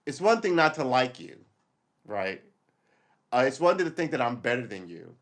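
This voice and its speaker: Man in his forties, casual livestream monologue, rambling, profane, self-interrupting, mid-pitched voice. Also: sing-song, moderate pace. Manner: rambling, profane, loses his train of thought. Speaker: livestream host.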